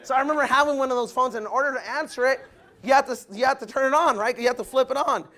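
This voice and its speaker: High-voiced energetic male motivational speaker. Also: rapid-fire. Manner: energetic, addresses the crowd as guys, acts out quotes. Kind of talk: motivational business talk.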